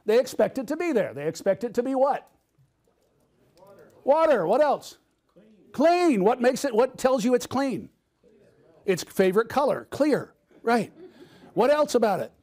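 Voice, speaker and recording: A man's voice: extremely high pitch, very animated, moderate pace, long pauses, a little mellow. A middle-aged man giving a conference keynote, telling a personal story and quizzing the audience with questions. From United States. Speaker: keynote speaker.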